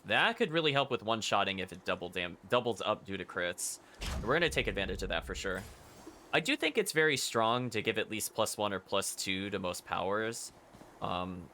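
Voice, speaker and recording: A man's voice: on the low side, bright, forceful tone, a little hiss or hum. A man streaming a video game, talking through his choices in a chatty, analytical way on a headset mic. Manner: chatty, analytical, uses fillers like 'like'. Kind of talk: casual gameplay commentary. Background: game music.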